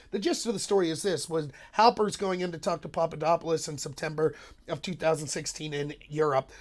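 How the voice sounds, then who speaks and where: A man hosting a solo political commentary video, talking in an animated, sarcastic way and mocking the voices of the people he quotes. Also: fairly high pitch.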